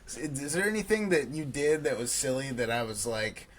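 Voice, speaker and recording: A man's voice: medium pitch, sing-song, background noise. A man co-hosting a podcast over a video call, talking in a hesitant way and trailing off. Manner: slow, hesitant talker who trails off. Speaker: podcast co-host. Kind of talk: casual chat.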